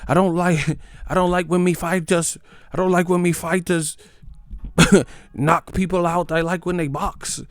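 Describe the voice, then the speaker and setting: A man's voice: level tone, measured pace, no echo, studio quality. A man doing a jeering British boxing fan. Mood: smug. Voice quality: high, loud and jeering. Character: mocking caricature of rowdy male British boxing fans.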